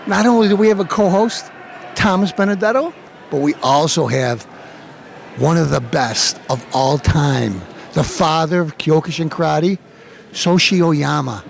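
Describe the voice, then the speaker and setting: A man hosts his show, hyping the event and interviewing people as a playful, hammy showman with animated hype-man delivery. His voice is fairly high with vocal fry, at a measured pace.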